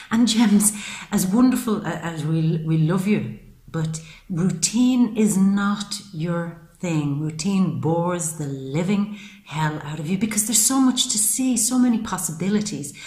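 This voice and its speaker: A woman with a fairly low voice delivers a monthly tarot reading in a chatty, affectionate way, often calling her listeners "baby." She sometimes acts out the voices of the people she talks about. The sound bounces around an echoey room. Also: lively intonation, measured pace, a little mellow. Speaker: tarot reader.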